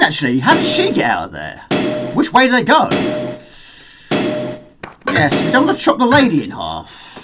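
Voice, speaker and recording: Guy in his middle years chatting with stream viewers, high lively voice, music going behind. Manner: chatty, reads out viewer chat while gaming. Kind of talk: casual live-stream chat.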